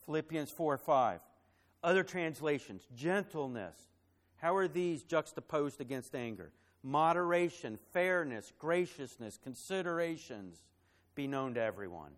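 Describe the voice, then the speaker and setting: A man preaching a sermon as pastor, building to loud emphatic phrases and dropping soft for a personal story, with some fillers and repeated words. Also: on the high side, expressive, a little slow.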